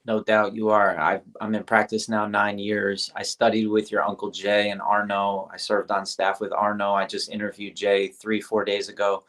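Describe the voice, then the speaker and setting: A man, a chiropractor, hosting the interview and asking measured, grateful questions. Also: on the low side, monotone, fairly bright tone. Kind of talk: casual interview talk.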